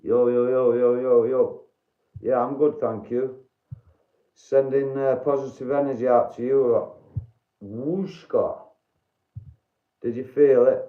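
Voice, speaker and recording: A man's voice: medium pitch, level tone, measured pace, narrow, tinny audio. Blunt Yorkshire man in a roomy stream. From Doncaster, Yorkshire, England. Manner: blunt, swears freely, chats to viewers by name. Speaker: livestream host. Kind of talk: casual livestream chat with viewers.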